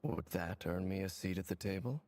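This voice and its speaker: A man's voice: sits low, a little fast, a little mellow, slight background noise, lightly acted. An actor playing a grave, reserved male wanderer in a video game. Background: game music.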